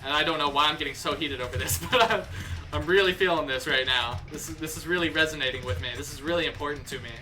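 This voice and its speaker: A man's voice: fairly high pitch, fast talker. A young man from the United States livestreaming, ranting heatedly with lots of swearing and restarts, faint guitar music behind. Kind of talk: casual livestream rant.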